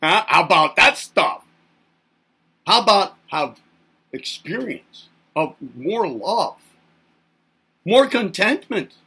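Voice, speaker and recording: Gravelly, bright-voiced man teasing. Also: high-pitched. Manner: teasing, talks as if to babies. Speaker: self-help channel host. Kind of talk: playful monologue to camera.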